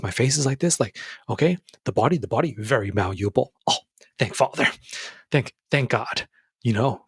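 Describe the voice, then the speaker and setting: A young man hosting a podcast, giving a casual, earnest motivational talk that addresses the listener as brother and jumps up in pitch when he stresses a point. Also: slightly rough, dry recording, clean studio sound. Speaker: podcast host. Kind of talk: motivational monologue.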